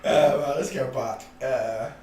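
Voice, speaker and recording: Speaking at a measured pace, the man has an expressive mid-range voice. As host of a meandering live stream, he mutters and chuckles to himself in an offhand, blunt manner. Faint hiss and room echo come through a far-off microphone.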